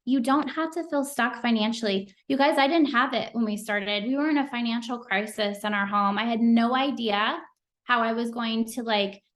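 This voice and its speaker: A woman's voice: on the high side, moderate pace, fairly bright tone. A middle-aged woman giving a motivational talk on a team call, earnest and chatty, with plenty of "like" and "um" fillers. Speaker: team leader speaking on a sales call.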